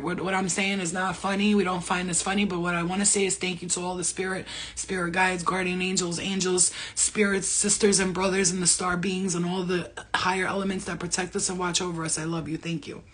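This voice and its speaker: A woman's voice: lowish voice, flat delivery, fairly quick, a bit bright, a little hiss or hum. A middle-aged woman talking casually as a spiritual medium, laughing often, swearing and speaking animatedly. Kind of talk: casual livestream talk.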